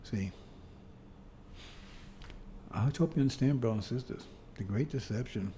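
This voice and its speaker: A man delivering a sermon in a loose, conversational way, his voice mellow and warm. He keeps checking in with his listeners and restarts his phrases before pressing a point. A faint ambient hum sits behind him. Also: medium pitch. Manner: conversational, repeats "see?" to the congregation; halting restarts, bursts of emphasis. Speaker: preacher.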